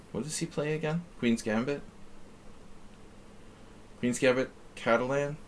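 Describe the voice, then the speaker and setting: A man's voice: medium pitch, slight background noise. A man streaming chess, chatting casually and reading his moves aloud as he thinks. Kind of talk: casual live-stream chat while playing.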